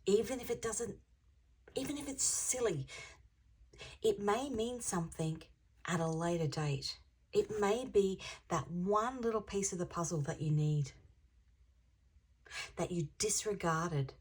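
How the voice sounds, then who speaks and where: A woman's voice: mid-range voice, animated, measured pace, long pauses, a little mellow, breathy edge. A woman reading tarot to camera in a chatty, rambling way, dropping into whispers to stress a point. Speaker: intuitive tarot reader.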